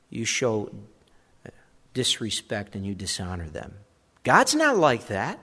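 A man preaching a sermon as pastor, talking in a conversational way and animated with asides. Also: fairly high pitch, in a large hall.

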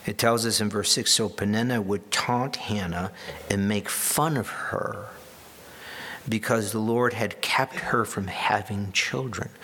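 A man's voice: lowish voice, steady tone, a little slow, bright, forceful tone. A man preaching a sermon in a conversational way, with wry asides and restarts. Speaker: pastor.

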